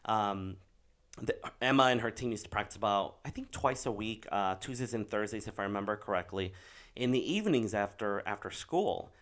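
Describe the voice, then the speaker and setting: A man's voice: fairly low pitch, lively intonation, moderate pace, fairly bright tone. A middle-aged man giving a motivational talk, telling a personal story in an earnest way with hesitant fillers. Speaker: motivational speaker.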